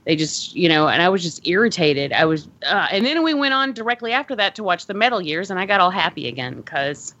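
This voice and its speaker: A woman's voice: fairly low pitch, big pitch swings, brisk, few pauses, fairly bright tone. A woman hosting a podcast in casual chat, rambling with many fillers and frequent swearing. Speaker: podcast host. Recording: dull lo-fi dry audio.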